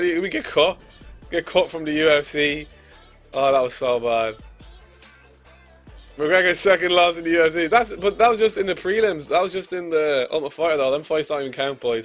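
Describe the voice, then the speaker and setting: A cocky young man talks over his fighting game, swearing and taunting the computer opponent. His voice sits a little high for a man, and there is faint music in the background. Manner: brash and swearing, trash-talks the opponent, yells when losing. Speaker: gamer commentating his own play. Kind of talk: casual gameplay commentary.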